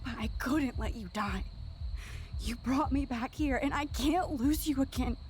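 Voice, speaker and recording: An earnest, anxious teenage girl in a video game. She pleads in a quiet, worried voice set high. A faint hiss sits behind her. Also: a little slow.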